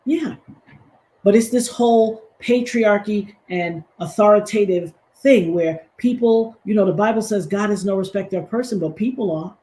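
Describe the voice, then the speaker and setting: A woman's voice: mid-range voice, moderate pace, dark tone, low-quality recording. A woman hosting a livestream. She talks emphatically and preaches, with sassy asides. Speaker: commentary host. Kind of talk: animated livestream commentary.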